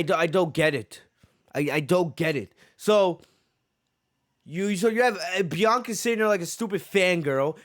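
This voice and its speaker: A man with a notably high voice vents on his podcast in a rambling, heated rant. He repeats his points and stumbles over restarts as his frustration builds. The sound is dry and close, with no room echo. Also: a bit bright. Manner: frustrated, repeats himself, many fillers. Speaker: wrestling podcast host. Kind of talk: ranting reaction commentary.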